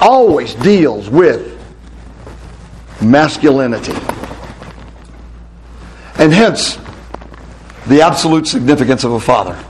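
A middle-aged male pastor giving a lively talk to a room of men, telling stories and putting questions to the crowd. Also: fairly high pitch, a little hiss or hum. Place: hall with a live audience.

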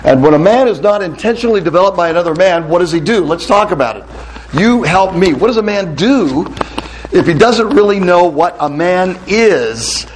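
A middle-aged male pastor giving a lively talk to a room of men, telling stories and putting questions to the crowd. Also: high voice, moderate pace, a little hiss or hum. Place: hall with a live audience.

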